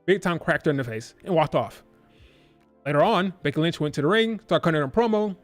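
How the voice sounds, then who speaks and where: A man's voice: a little high, expressive, a little fast, faint music behind. Rambling man reviewing wrestling on stream. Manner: rambling, filler-heavy, loose and conversational. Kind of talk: casual live-stream review.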